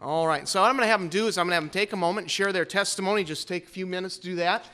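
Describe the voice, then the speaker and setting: A man's voice: high-pitched, very fast, pushed and bright. A man pastor hosting a playful Bible trivia game at a church service, teasing the congregation before introducing guests.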